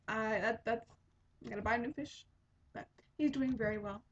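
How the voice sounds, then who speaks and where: Her voice on the high side and her speed normal, a podcast host in her twenties chats casually, rambling along with many ums and other fillers. The lo-fi home recording is dull, with slight background noise.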